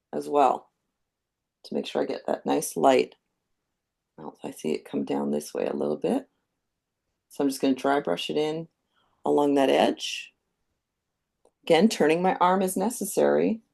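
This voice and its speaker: A woman giving a live painting demonstration, calmly explaining each step as she thinks aloud. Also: low voice, creaky. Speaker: painting instructor.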